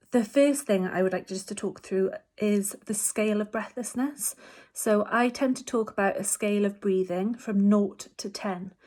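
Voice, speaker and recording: A woman, a hospice physiotherapist, gently talking patients through a breathing exercise from home, with many fillers. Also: medium pitch. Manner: gentle, reassuring, explanatory with frequent fillers. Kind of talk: instructional talk to patients.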